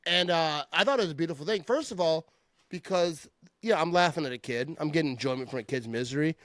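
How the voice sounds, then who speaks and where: A middle-aged man with a fairly high voice hosts a casual sports chat. He talks animated and trash-talking, and laughs often. The sound is dry and close, with no room in it. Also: fast talker, no room sound. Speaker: podcast host.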